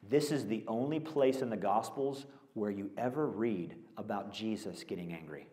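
Animated male pastor in an echoey auditorium. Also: fairly low pitch, moderate pace. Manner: conversational, animated preaching with rhetorical questions. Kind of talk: sermon. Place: school auditorium used as a church.

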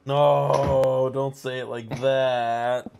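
A man streaming a shooter game with friends, talking casually with loud playful outbursts and frequent laughter. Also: medium pitch, little pitch movement, extremely slow, creaky, smooth, lo-fi sound. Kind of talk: casual gaming chat.

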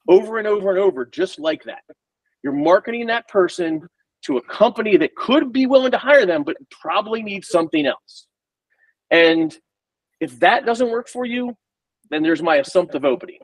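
Energetic middle-aged man, somewhat distant mic. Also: high-pitched, no room sound. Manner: energetic, rapid, acts out both sides of sales calls. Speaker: recruiter. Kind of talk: casual explanatory talk on a group call.

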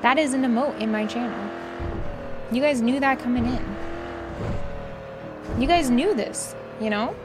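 A woman's voice: on the high side, measured pace, long pauses. A woman streamer chatting casually while gaming, rambling loosely and swearing freely. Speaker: streamer playing a role-play game. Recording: game audio and engine noise behind her.

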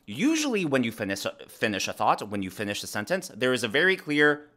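A man's voice: a little high, brisk, few pauses. A man hosting his own political commentary channel, talking emphatically and breaking his points down step by step. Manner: animated, emphatic, explains step by step. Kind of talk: opinionated commentary.

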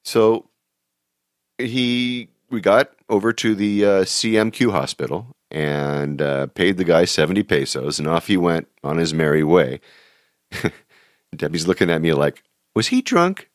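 A man with a deep, low voice tells travel stories as a show host. He talks casually, full of fillers and chuckling at his own anecdotes. The sound is close and dry, with no room echo. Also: fairly even intonation, unhurried.

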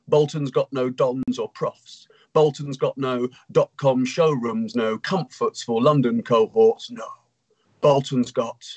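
A man on a video call performing a comic poem, delivering it slowly and deliberately. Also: medium pitch, slightly rough. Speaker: poet performing. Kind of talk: performance poetry reading. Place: home.

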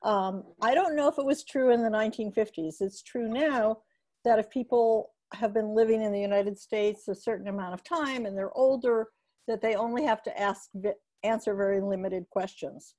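A woman on a video call telling a funny true story in an animated, casual way, laughing as she reaches the end. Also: mid-range voice. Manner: animated, laughs through the punchline.

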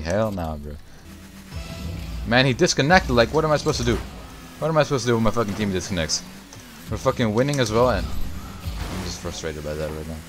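A young man with a lowish voice gives running commentary over his match, quick to curse and quick to cheer. Faint game music plays underneath his voice. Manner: excitable, swears often, yells at big plays. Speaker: gaming YouTuber. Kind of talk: live gameplay commentary.

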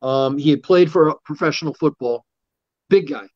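A middle-aged man with a slightly raised pitch, spinning loose, animated stories as a guest instructor and slipping into the voices of the people in them. The sound is dull and lo-fi, close and dry with no room around it. His talk wanders from one tale to the next. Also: normal speed, no echo. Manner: rambling, animated anecdotes with acted-out quotes. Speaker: martial arts instructor guest. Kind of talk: casual storytelling interview.

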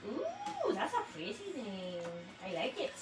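A woman's voice: fairly high pitch, huge pitch swings, measured pace, faint music behind. A woman demonstrating a craft on a casual livestream, chatty and laughing easily as she explains her steps. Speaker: crafter demonstrating tumbler making. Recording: roomy echo with background noise.

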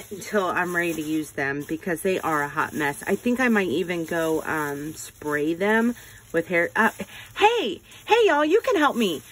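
A woman, chatting casually in a haul video, gushing and folksy and quick to poke fun at herself. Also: on the low side, no room sound. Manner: gushing, folksy, excitable, self-deprecating. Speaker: haul vlogger.

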